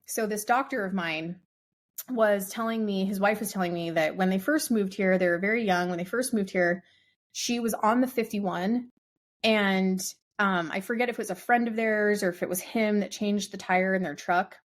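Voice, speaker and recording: A woman's voice: medium pitch, normal speed. A woman co-hosting a podcast, telling a long story in casual chat. She laughs often and rambles with lots of "like" fillers. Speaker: podcast co-host.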